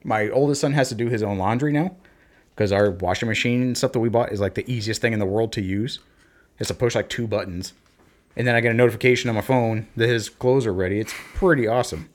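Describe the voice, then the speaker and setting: A man in casual conversation, telling parenting stories and acting out talks with his kids in lively bursts. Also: fairly low pitch, quick pace. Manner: animated storyteller, acts out talks with his kids. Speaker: podcast co-host, parent. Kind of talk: casual chat.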